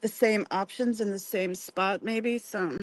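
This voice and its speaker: A woman's voice: medium pitch, fairly even intonation, unhurried, no echo, rough recording. An American woman hosting a live video chat, feisty and chatty, given to ranting and laughing. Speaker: livestream host. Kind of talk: casual chat. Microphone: video call.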